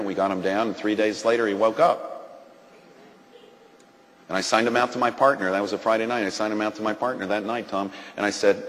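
A man's voice: fairly low pitch, steady tone, brisk, pauses often. Dramatic male storyteller in a reverberant studio. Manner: dramatic, swings from hushed to loud and laughing. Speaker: doctor telling a testimony on a Christian TV show. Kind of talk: animated storytelling.

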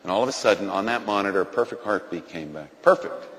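A man, a doctor, telling a dramatic story on a Christian TV talk show, swinging from hushed lines to loud excited bursts. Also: on the low side, quick pace, long reverb tail, rough recording. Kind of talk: animated storytelling.

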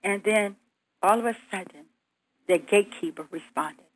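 A woman telling her story in an earnest, vivid way, voice at an ordinary middle pitch. She acts out her own pleas as she goes. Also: normal speed, low-quality recording. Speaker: guest. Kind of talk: recounting a near-death experience.

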